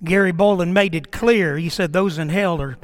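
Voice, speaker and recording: A middle-aged man preaches from the pulpit with a notably high voice. He swings from emphatic, rising declarations to hushed, quiet lines. His words ring out with a long reverb through a church sanctuary. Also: normal speed. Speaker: pastor. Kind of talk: sermon.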